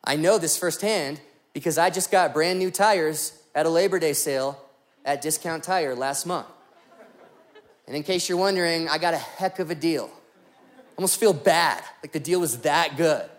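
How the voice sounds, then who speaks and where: A man's voice: a little high, normal speed. A young man preaching a sermon as a pastor, joking and telling stories with animation.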